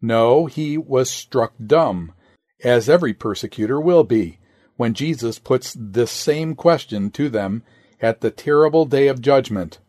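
Slow, deliberate man reading a sermon. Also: mid-range voice, expressive, a little mellow, no room sound, studio quality. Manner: deliberate, says "quote" and "end quote" aloud, raises voice on quoted scripture. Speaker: sermon reader. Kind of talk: reading a historical sermon aloud.

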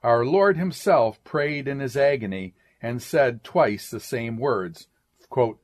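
Slow, deliberate man reading a sermon. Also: medium pitch, expressive. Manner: measured, deliberate reading that speaks each "quote" and "end quote". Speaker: sermon reader. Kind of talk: reading an old sermon aloud.

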